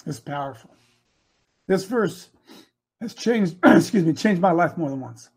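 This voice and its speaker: A man in his sixties preaching a sermon, impassioned and emotional, swinging from hushed lines to shouted ones. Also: on the high side, animated, a little slow, slightly rough. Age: 60s. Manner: emotional, close to tears.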